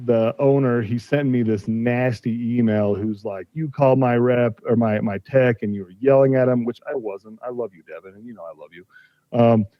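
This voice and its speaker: Speaking in a mid-range voice with no room sound, a man in his forties tells a casual story on a podcast where he's a guest. He's a car collector retelling a dispute and performing the lines others said to him, on a slightly dull, dry recording.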